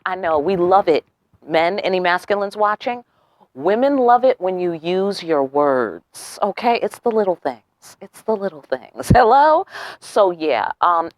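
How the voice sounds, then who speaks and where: In a dry, studio-quality recording, a young tarot reader with a low-pitched voice does a casual reading. She's brash and profane, peppering it with rhetorical questions and an "okay?" at the end of her lines.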